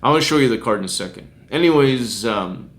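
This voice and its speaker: A man's voice: medium pitch, lively intonation, fast talker, a bit bright. A middle-aged man, a street minister, telling a personal testimony story and often chuckling as he recounts it. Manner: chuckles often while recounting, acts out quoted voices.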